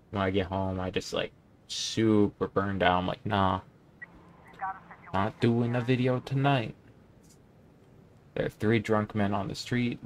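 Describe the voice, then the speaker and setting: Low-key young man playing a game. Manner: casual, reads game text aloud in a low-key mumble. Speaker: gaming YouTuber. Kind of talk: let's play commentary.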